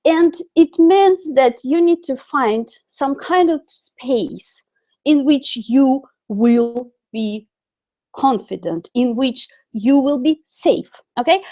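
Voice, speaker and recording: A woman's voice: sits high, lively intonation, slow, warm tone. A woman with a Russian accent, a native Russian speaker, teaching an online English lesson in a chatty way full of fillers and self-corrections. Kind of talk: live-streamed online lesson.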